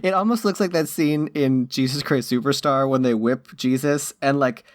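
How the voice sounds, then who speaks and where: A man's voice: medium pitch, moderate pace, no echo, clean studio sound. A man co-hosting a podcast in casual chat, with wry, sardonic quips. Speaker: podcast co-host.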